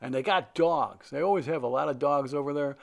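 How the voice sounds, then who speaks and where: Rambling man with a gravelly voice. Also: a little high, fairly quick. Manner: rambling, full of fillers and restarts. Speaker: aviation vlogger. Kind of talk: casual voice-over narration.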